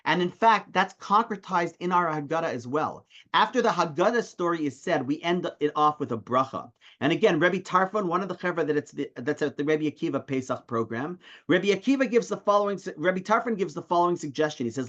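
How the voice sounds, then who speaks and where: A male rabbi teaches from his desk, spinning an animated story and raising his voice to act out the rabbis. His voice sits a little high. The sound is dull and lo-fi, like an online call. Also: a little fast. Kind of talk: weekly online Torah class.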